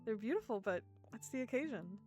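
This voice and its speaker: A woman reading aloud as a shy, kindly young woman farmer, speaking softly and hesitantly in a visual novel. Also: a little high, expressive, brisk, faint music behind, close to an everyday voice.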